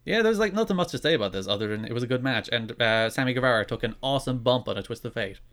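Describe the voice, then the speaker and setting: A man's voice: mid-range voice, expressive, racing, fairly bright tone. A man co-hosting a casual wrestling podcast, wry and opinionated. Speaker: podcast co-host.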